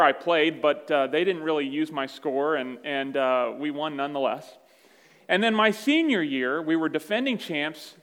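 Storytelling pastor in a reverberant church. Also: male voice, a little high, fairly bright tone. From Virginia, USA. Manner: conversational storytelling, self-deprecating. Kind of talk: sermon. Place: church sanctuary.

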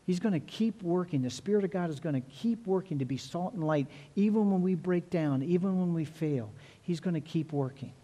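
A middle-aged man preaching a sermon as pastor, earnest, often repeating words and slowing down to stress key phrases. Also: high-pitched, warm tone.

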